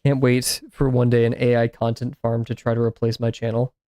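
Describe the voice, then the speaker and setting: A man's voice: mid-range voice, completely flat delivery, fairly quick, warm tone, no echo, studio quality. A man chatting casually while he draws on a stream, rambling with lots of fillers and restarts. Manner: rambling, filler-heavy musing. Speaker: art streamer. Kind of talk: casual chat while drawing.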